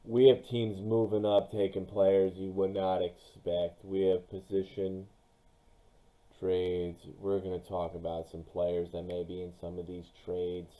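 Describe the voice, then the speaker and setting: A young man giving casual, excitable commentary on his own football mock draft, speaking straight to his viewers. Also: low voice, measured pace, rough recording. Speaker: sports YouTuber.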